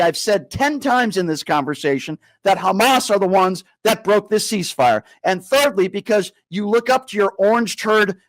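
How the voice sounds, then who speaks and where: A man hosting a live call-in radio show, berating a caller and slowing down to lecture him. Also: high voice, no room sound, poor audio. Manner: combative, insulting, slows down to lecture. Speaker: radio talk show host.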